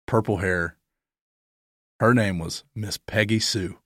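A man's voice: on the low side, slow, a bit bright, no room sound, clean studio sound. A man co-hosting a church podcast in laid-back, joking chat, calling his friend dude and bro. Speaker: podcast co-host, pastor. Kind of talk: casual chat.

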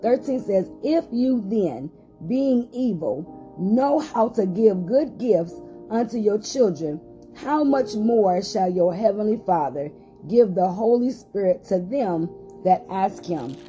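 A woman's voice: medium pitch, lively intonation, takes it slowly, warm tone, faint music behind. A woman pastor hosting a short podcast Bible study, reading scripture aloud with rising emphasis and some hesitant fillers.

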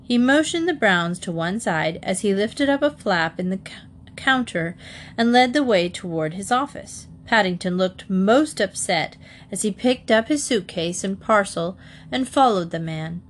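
A woman gives a gentle, measured audiobook narration of a children's story. Her pitch sits in an ordinary middle range, and her telling is calm and even. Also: slight background noise.

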